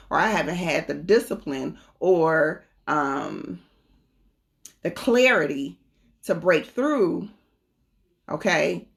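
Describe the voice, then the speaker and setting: Casting: young woman, low gravelly voice, relaxed livestream host. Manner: relaxed, greets viewers, talks to the chat. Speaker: spiritual reader hosting a livestream. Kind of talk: casual livestream chat.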